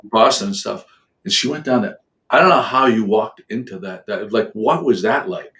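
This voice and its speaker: A man's voice: lowish voice, fairly bright tone, low-quality recording. A man hosting a podcast who asks his guest long, rambling questions that are full of restarts. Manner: rambling, halting, many restarts. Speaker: podcast host. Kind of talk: casual interview questions.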